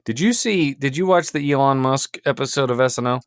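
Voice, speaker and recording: A man co-hosting a comedic podcast, ranting in bursts that build to shouting. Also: mid-range voice, a little fast, smooth, no echo, clean studio sound. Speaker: podcast co-host.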